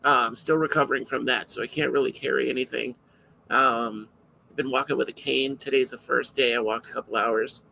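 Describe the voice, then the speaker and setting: Gravelly-voiced man hosting a podcast. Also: mid-range voice, steady tone, fairly quick, bright, forceful tone, slight background noise, poor audio. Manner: rambling, loose and self-interrupting. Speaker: podcast host. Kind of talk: casual live podcast chat.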